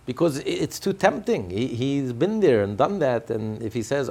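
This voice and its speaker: A man's voice: mid-range voice, animated, brisk, hardly any pauses, a little mellow. A man explaining a religious text in a class, emphatic, often repeating and restarting his phrases. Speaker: religious teacher.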